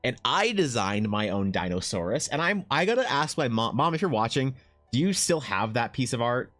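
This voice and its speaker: A man's voice: mid-range voice, normal speed, soft background music. A man in his thirties from Canada, rambling and swearing casually while chatting live with his stream viewers. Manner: rambling, profane, animated asides.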